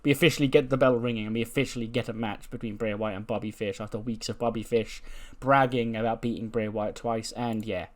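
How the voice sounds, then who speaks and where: A man's voice: mid-range voice, steady tone, quick pace, hardly any pauses. Laid-back man commentating a game. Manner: laid-back, swears, laughs at results. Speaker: gaming channel host. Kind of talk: casual commentary on a wrestling sim playthrough.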